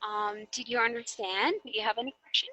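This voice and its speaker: A young woman leads a demo lesson, with a fairly high, bright voice. She talks slowly and patiently, often checking whether anyone has a question. The sound is dry and close. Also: steady tone, no echo, lo-fi sound. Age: young adult. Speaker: teacher.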